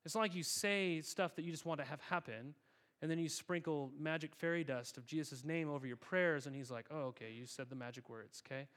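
A man's voice: a little high, fairly quick, a bit bright. A male pastor giving a sermon in a conversational, emphatic way, often repeating words.

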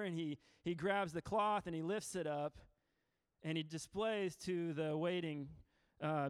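A man's voice: a little high, smooth, no echo. A man preaching a sermon, telling a story and acting out the lines of its characters with emphasis. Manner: storytelling with acted-out quotes, lively and emphatic. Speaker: pastor.

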